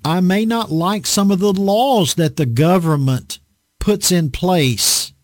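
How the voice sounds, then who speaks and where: A man preaching an online Bible study sermon, slow and deliberate, drawing out words for emphasis. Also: high-pitched, dry recording, clean studio sound.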